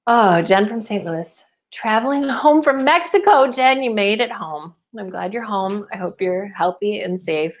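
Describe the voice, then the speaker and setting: A woman's voice: mid-range voice, unhurried, hardly any pauses. A woman hosting a live webinar from home as a speaking coach, upbeat and emotional, close to tears, reading out chat messages. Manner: warm, upbeat, emotional and chatty. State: teary, close to crying. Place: her home.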